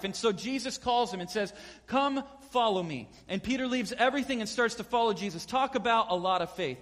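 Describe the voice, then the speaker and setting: Animated high-voiced preacher in a hall. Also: male voice. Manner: animated storyteller acting out quotes. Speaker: pastor. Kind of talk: sermon.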